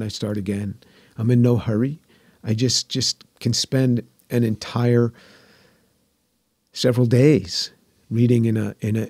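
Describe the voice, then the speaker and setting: A gravelly, husky man in his sixties, a scientist appearing as a guest, shares earnest personal testimony in conversation. His pitch is fairly low, and he repeats phrases and turns soft and hushed when moved. There is no room sound.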